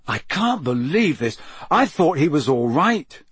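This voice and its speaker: A man's voice: fairly high pitch, big pitch swings, measured pace, breathy edge, no echo, full character voice. A man voicing a shaken teenage boy wizard who speaks urgently.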